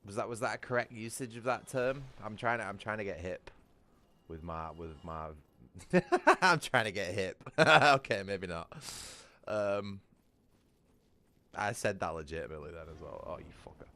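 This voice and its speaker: A man's voice: lowish voice, normal speed, bright, forceful tone, a little hiss or hum. A man chatting casually from home while livestreaming a game, rambling and crude, often restarting his sentences and breaking into laughter. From Britain. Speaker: gaming livestreamer.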